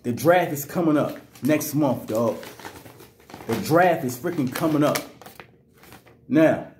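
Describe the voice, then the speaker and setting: Man, angry sports rant, raised pitch, roomy echo. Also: lively intonation, slow pace, a little mellow, a little hiss or hum. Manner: angry, repetitive, slangy. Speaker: sports vlogger.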